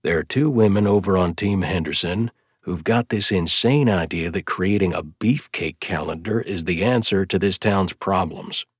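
A man voicing a caring, plainspoken older brother who talks in an easygoing, steady way. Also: low-pitched, moderate pace, husky, no echo, clean studio sound.

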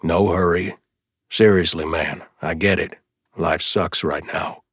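A man doing a calm, folksy older brother. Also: deep voice, takes it slowly, breathy edge, no room sound, studio quality, full character voice. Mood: easygoing. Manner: easygoing, steady, folksy.

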